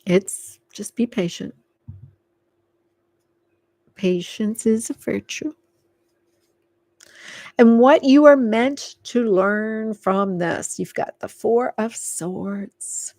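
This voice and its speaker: A woman giving a live tarot reading, talking in a rambling, filler-heavy way and gently coaxing the listener to calm down. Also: a little high, very slow, pauses often, dry recording. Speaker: tarot reader.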